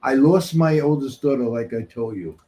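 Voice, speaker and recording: A man's voice: medium pitch, normal speed, dark tone. Blunt, foul-mouthed older man telling stories. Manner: blunt, profane, streetwise. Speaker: guest. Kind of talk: storytelling in a casual interview.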